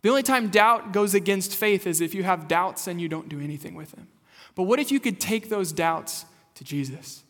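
A man's voice: sits high, moderate pace, fairly bright tone. A young adult man preaching a sermon in a church, moving from conversational storytelling to earnest exhortation. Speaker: pastor. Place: church sanctuary. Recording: long hall reverb.

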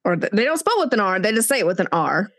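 Lively chatty woman podcast host. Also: mid-range voice, fast. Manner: chatty, animated, restarts and fillers. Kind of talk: casual book chat.

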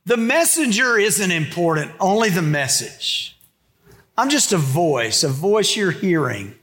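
A man's voice: high-pitched, very animated, measured pace, fairly bright tone. A middle-aged man, a pastor preaching a sermon in a conversational way and acting out the quotes.

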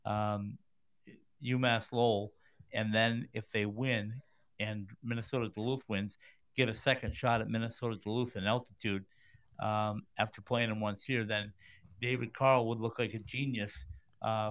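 Male sports host, average pitch, measured and steady, guides the conversation. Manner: measured, steering the discussion, some fillers. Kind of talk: casual sports talk.

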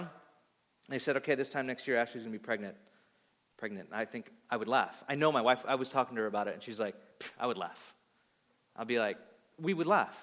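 A man in his thirties preaching a sermon, animated, acting out voices and swinging between loud and soft. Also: a little high. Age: 30s. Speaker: pastor. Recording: long hall reverb.

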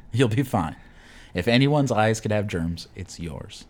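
Profane, animated ranting man. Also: fairly low pitch, slow pace. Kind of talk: casual ranting chat.

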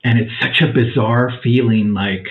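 Man in his forties, podcast guest, casual animated storyteller, mid-pitched voice, thin phone-like sound. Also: normal speed. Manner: animated storyteller, acts out quotes, says "man" and "dude" a lot. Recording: tinny phone-like line.

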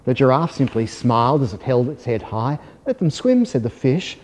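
A man reading a children's story aloud in a gentle, measured, soft-spoken way. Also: mid-range voice. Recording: long hall reverb.

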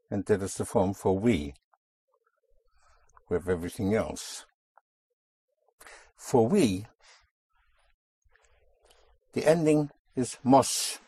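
A man's voice: mid-range voice, darkish tone, slightly rough, no room sound. A man teaching a Spanish lesson, patiently explaining grammar and repeating his students' answers back to them. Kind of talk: language lesson.

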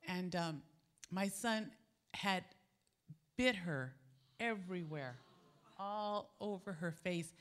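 A middle-aged woman preaching a sermon, telling a personal story and acting out the dialogue in an animated way. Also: takes it slowly, pauses often. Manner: animated, acts out quoted dialogue with jumps in pitch. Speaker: preacher at a women's gathering.

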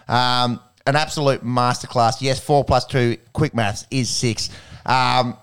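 Brief: Australian male podcast host, smooth resonant tone, joking, easygoing banter. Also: medium pitch, steady tone, slow, a bit bright. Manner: joking, laid-back banter. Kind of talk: casual chat.

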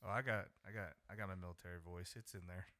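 A man's voice: low-pitched, quick pace. A man on a casual podcast chat, a former army sergeant talking bluntly and swearing freely. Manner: blunt, profane, animated. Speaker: podcast co-host, army veteran.

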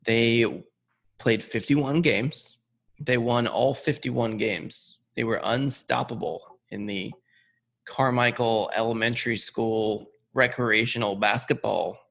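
A man's voice: medium pitch, slow pace, vocal fry, fairly bright tone. A man hosting a podcast, steering the talk and introducing segments in casual chat. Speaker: host.

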